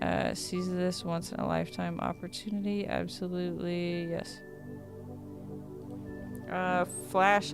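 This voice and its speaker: A woman's voice: fairly low pitch, creaky. A woman streamer who reads a dating sim's text aloud in a casual tone, often stumbling and correcting herself as she reacts. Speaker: streamer playing a dating sim.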